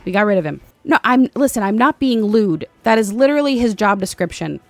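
Excitable young woman gamer. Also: mid-range voice, fairly quick, no echo. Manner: excitable, shrieks and panics during fights. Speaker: gaming streamer. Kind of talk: let's play commentary.

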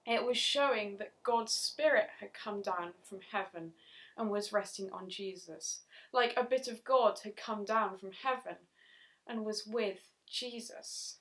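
A woman giving a Bible story talk for children at church, speaking clearly and often asking her young listeners questions. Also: medium pitch, measured pace, a bit bright.

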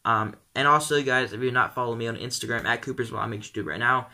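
A man's voice: medium pitch, quick pace, pushed and bright. A teenage boy vlogging casually, rambling and filling his talk with um and like. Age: teens. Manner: rambling, full of "um" and "like". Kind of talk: casual vlog commentary.

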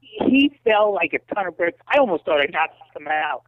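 Animated man telling stories over a tinny line. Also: normal speed, no room sound. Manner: acts out quoted voices with big pitch jumps. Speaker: guest, former kickboxer and wrestling promoter. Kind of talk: animated storytelling in an interview. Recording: tinny phone-like line, dry.

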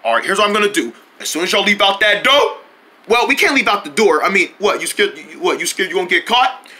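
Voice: medium pitch, big pitch swings, fast talker, bright, forceful tone. A performer voicing a laid-back, chatty friend who does voice impressions in a homemade character skit.

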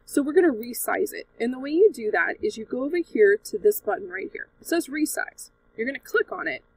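A woman's voice: on the high side, very animated, brisk, far from the mic, a little hiss or hum, low-quality recording. A woman teacher walking young students through a drawing app step by step, in a patient and encouraging way. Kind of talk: screen-recorded tutorial for children.

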